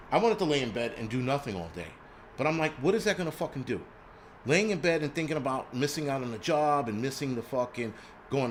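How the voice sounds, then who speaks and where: A man from New York City hosts a prepping live stream, ranting angrily and bluntly with plenty of swearing, restarts and stammers. His voice is mid-range, with a little hiss or hum in the recording.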